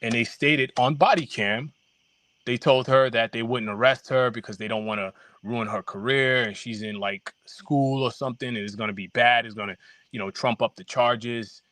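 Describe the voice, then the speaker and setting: A man's voice: mid-range voice, a bit bright, no echo. Hesitant man on a dry remote mic. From New York. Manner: halting, many fillers and restarts. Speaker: documentary filmmaker guest. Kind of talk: casual podcast interview.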